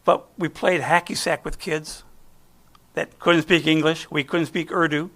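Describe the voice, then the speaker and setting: Middle-aged american guy guest preaching, kinda high voice, chatty and rambly, lots of restarts. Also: steady tone, measured pace, a bit bright. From United States. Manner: chatty and folksy, trailing off and restarting. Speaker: guest speaker. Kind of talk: conversational sermon with personal stories.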